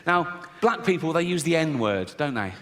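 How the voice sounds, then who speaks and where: A middle-aged man with an English accent doing stand-up comedy, deadpan and conversational, laughing at his own jokes. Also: on the high side, normal speed. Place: large theatre stage. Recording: stage mic in a big hall with audience noise.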